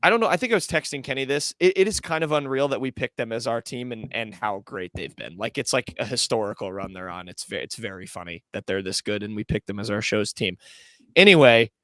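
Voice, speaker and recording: A man's voice: on the low side, brisk, a bit bright, no room sound. A man co-hosting a sports podcast in a casual, joking way, rambling into asides. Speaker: podcast co-host. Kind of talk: casual chat.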